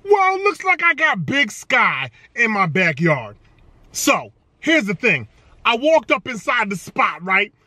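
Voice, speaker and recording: High, bright-voiced hype man. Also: takes it slowly, dry recording. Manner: energetic, slangy, playful. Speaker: vlogger. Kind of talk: casual hype vlog talk.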